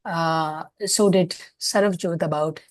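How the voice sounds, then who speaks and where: A woman's voice: lowish voice, steady tone, takes it slowly, no room sound. A woman leadership coach sharing her view in an online group discussion, earnest and hesitant with many fillers.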